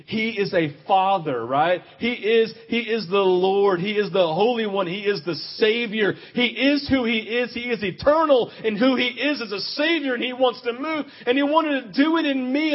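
A man preaching a sermon in an animated, confessional way, swinging between loud outbursts and quiet, intimate stretches. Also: extremely high pitch, moderate pace, hardly any pauses, highs cut off.

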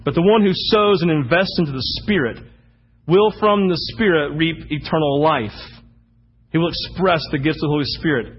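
Husky-voiced pastor preaching a lively sermon. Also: male voice, on the high side, moderate pace, lo-fi sound. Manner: animated storytelling, acting out anecdotes with sudden shouts.

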